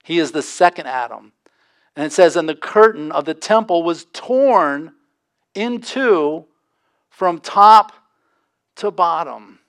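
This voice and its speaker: A man preaching a sermon as pastor, impassioned, with dramatic pauses and sudden drops to a hush. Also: a little high, lively intonation.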